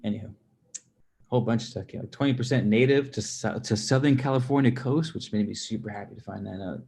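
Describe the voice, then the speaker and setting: Livestreamer, male, low gravelly voice, loose and rambling as he answers chat. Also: fast talker, a little hiss or hum. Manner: rambling, relaxed, with many fillers and restarts.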